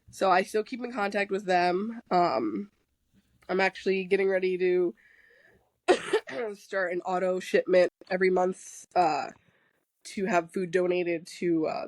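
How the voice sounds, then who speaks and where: A woman's voice: lowish voice, no room sound, poor audio. A woman as a podcast guest in casual chat, talking candidly with lots of fillers and restarts, swearing freely and joking as she goes. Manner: rambling with many fillers and restarts.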